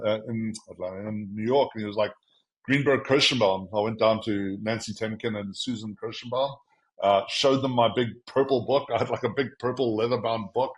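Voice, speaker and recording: A man with a lowish voice and moderate pace shares his path to founding an agency during a laid-back interview; the audio is poor. He's South African and animated, re-enacting conversations by quoting himself and others.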